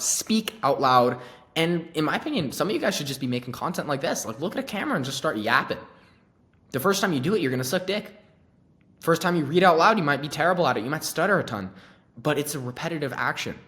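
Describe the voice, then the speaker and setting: Man, sales coach, laid-back, slangy, swears, acts out pitch lines. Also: pushed and bright. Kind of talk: casual teaching on sales calls.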